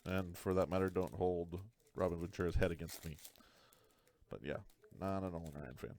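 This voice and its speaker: Low-voiced man with dry jokes. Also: fairly even intonation, moderate pace, a little mellow, a little hiss or hum. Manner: dry, joking asides. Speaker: card break host. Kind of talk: live card break commentary.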